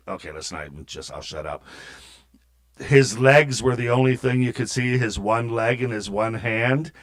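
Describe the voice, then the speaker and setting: A man's voice: medium pitch, a bit bright. A middle-aged man hosting a metal show, telling a long story in a rambling, profane, self-interrupting way. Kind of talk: rambling casual monologue.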